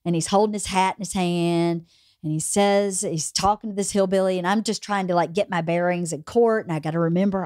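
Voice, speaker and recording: A woman's voice: medium pitch, a little mellow, dry recording, clean studio sound. A woman hosting a podcast, telling a personal story in a candid, chatty way. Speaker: podcast host. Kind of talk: casual anecdote telling.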